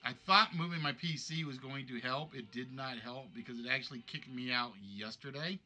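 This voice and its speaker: A man's voice: medium pitch, brisk, sharp tone. A man hosting a live-streamed game show from home, thinking aloud and rambling as he chats. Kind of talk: casual live-stream chat.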